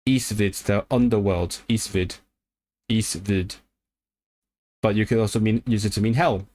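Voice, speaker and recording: A man chatting casually on a livestream about learning languages, thinking aloud with lots of restarts and quick bursts of excitement. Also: on the low side.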